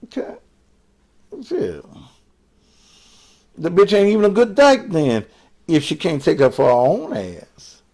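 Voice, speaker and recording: Older male host, profane, combative rant, lively pitch, slow unhurried delivery. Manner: crude, combative, cursing, mocking. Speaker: online show host. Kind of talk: profane live-stream rant.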